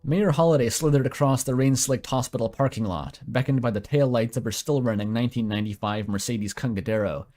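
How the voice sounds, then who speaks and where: Guy reading a story out loud, casual, joking about himself, soft music behind. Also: medium pitch, a little fast, few pauses. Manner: self-deprecating asides, mild swearing. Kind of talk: casual read-aloud of fan fiction.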